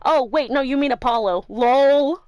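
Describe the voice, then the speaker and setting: A woman's voice: high-pitched, a little slow, a little mellow, no room sound, lo-fi sound. A woman streamer chatting loosely with her live viewers from home, her voice stuffy and congested, swearing freely and laughing often. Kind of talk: casual chat with live viewers. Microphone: new desk mic.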